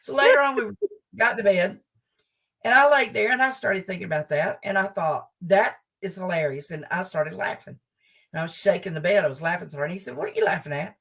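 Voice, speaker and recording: A woman's voice: fairly low pitch, brisk, distant mic. Older woman telling a comic story. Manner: animated, laughs as she tells the story. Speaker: guest humorist.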